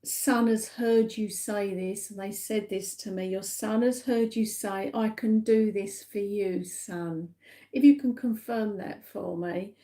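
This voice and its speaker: Woman, psychic medium, live reading, slow gentle delivery, mellow voice, lots of ums and repeats. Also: mid-range voice, steady tone. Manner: gentle, halting, many fillers and repeats; soft and emotional, addresses viewers by name. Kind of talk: live-streamed spirit reading.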